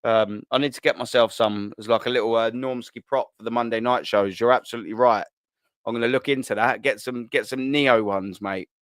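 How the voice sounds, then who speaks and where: This is a dry recording of a thirtysomething Londoner hosting a live stream, casually reading comments with easy laughter and plenty of slang. His pitch is medium, his intonation fairly even and his tone fairly bright. He keeps a brisk pace.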